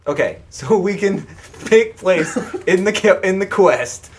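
A man's voice: sits high, animated, slow, a little hiss or hum. A man running a casual tabletop game as game master, joking and laughing often.

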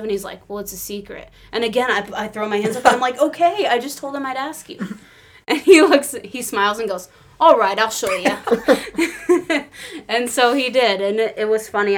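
Woman from illinois, chatty and excitable, does little voices for everyone in her story. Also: mid-range voice. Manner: excitable storyteller, acts out quotes, laughs often. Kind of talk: casual chat.

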